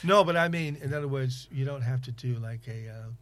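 A man interviewing in casual conversation, rambling and halting with many fillers and restarts. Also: medium pitch, fairly bright tone.

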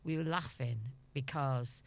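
A woman's voice: a bass voice, measured pace, gravelly. A middle-aged woman with a Liverpool accent, a guest in an interview, telling chatty anecdotes and laughing often. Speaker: actress guest. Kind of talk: casual interview chat.

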